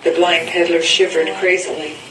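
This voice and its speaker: A woman reading a story aloud in a slow, deliberate way. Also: fairly low pitch, little pitch movement, reverberant, recorded from a distance, background noise. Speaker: story reader.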